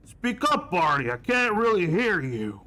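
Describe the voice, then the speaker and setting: A man voicing a suspicious male Goliath guard who barks his questions in rough speech. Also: sits high, sing-song, unhurried, bright, forceful tone, soft background music, pitched above the performer's own voice, heavily acted.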